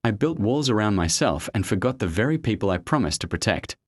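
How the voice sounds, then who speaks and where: A storybook king addresses his subjects in a formal, declaiming way, as a man reads him. The voice is low with lively rises and falls in pitch. The sound is dry and close. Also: brisk, no echo. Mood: humble.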